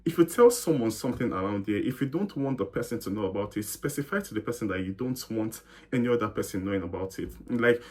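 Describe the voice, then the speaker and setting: A young man from Nigeria talks through his experiences as an interview guest. His voice sits at an ordinary middle pitch, and he rambles in a friendly way, restarting sentences and acting out conversations. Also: darkish tone. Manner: chatty, explains with many fillers and restarts, acts out quoted exchanges. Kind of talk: casual interview chat.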